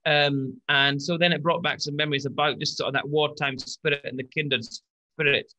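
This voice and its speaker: A man co-hosting a casual podcast chat, speaking haltingly with many repeated words and fillers. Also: a little high, steady tone, sharp tone, rough recording. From British. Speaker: co-host.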